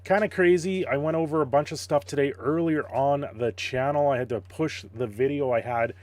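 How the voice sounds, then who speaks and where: A man's voice: on the high side, normal speed, a little mellow. A man casually chatting on a live stream, greeting viewers and playing with his dog, laughing often. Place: home.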